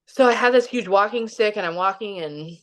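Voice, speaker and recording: A woman's voice: medium pitch, fairly quick. A woman from Kansas City, Missouri, talking as a podcast guest and telling a personal story in a casual, chatty way, full of "like" and acted-out quotes. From Kansas City, Missouri, USA. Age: young adult or middle-aged, has a son. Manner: chatty, heavy use of "like", acts out quotes.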